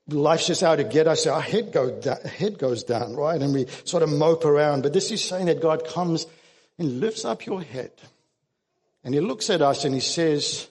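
A man's voice: fairly high pitch, darkish tone, in a large hall. A man preaching a sermon as pastor, earnest and emphatic, often restarting his words.

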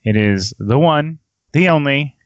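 A man's voice: a little high, animated, a little slow, no room sound, muffled recording. Podcast host guy, jokey and potty-mouthed, bouncy intonation. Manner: joking, teasing, swears freely. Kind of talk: casual podcast banter.

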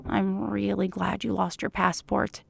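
A woman reading the part of an eager middle-aged man, speaking in a soft, breathy half-whisper in a fan fiction audiobook. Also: mid-range voice, little pitch movement, a little slow, no room sound. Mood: hushed, eager.

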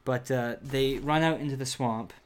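A man's voice: mid-range voice, normal speed. A man reading a children's horror book aloud, then chatting casually about it with fillers and restarts. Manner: plain read-aloud with hesitant fillers in chat.

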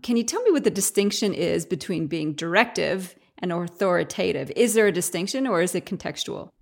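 Woman podcast host, slightly low voice, curious and chatty interviewer. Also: lively intonation, brisk, creaky. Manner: curious, chatty, thinking aloud.

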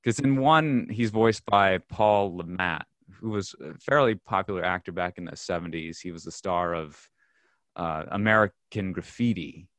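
Low-voiced man chatting about films. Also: a bit bright, no echo. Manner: halting, many fillers and restarts. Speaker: podcast co-host. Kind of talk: casual film discussion.

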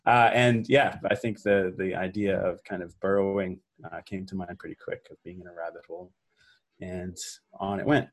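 Soft-spoken, halting, low-voiced man. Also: fairly even intonation. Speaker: songwriter guest. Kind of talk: reflective interview talk. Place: home garage.

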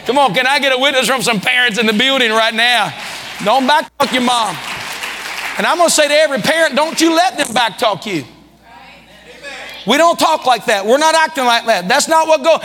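A man preaching a sermon as pastor, with fiery delivery that rises to shouts. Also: extremely high pitch, moderate pace, in a large hall, a faint crowd, slight background noise. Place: church hall.

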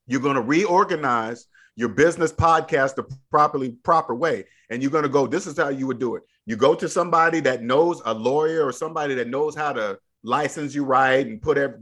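A man's voice: on the high side, fairly bright tone. A man coaching a younger guest on money, emphatic and preachy, repeating his points in casual podcast chat. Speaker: debt-free money coach.

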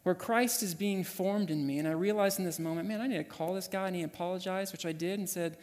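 A man preaching a sermon, telling a personal story with lively acted-out quotes. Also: high voice, quick pace, few pauses, big-room sound. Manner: animated storyteller, acts out quoted voices. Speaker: pastor. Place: church sanctuary.

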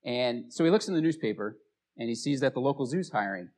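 A man's voice: medium pitch, expressive, fast talker, darkish tone. A man preaching a sermon as a pastor, telling stories in a casual, conversational way.

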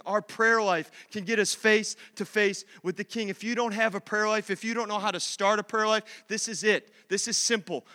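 High, bright-voiced male preacher. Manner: fervent, conversational, repetitive emphasis. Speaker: pastor. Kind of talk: sermon. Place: church sanctuary. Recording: long church-hall reverb.

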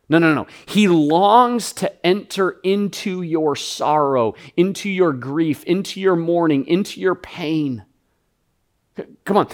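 A man preaching a sermon as pastor, animated, with quick stuttered restarts, acting out the people in the story. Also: fairly high pitch.

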